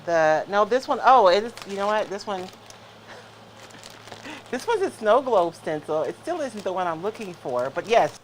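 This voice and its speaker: A man's voice: high voice, sing-song, moderate pace, slight background noise, low-quality recording. A man demonstrating crafts on a livestream, thinking aloud in a scattered, self-deprecating way. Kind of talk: casual craft demo chat.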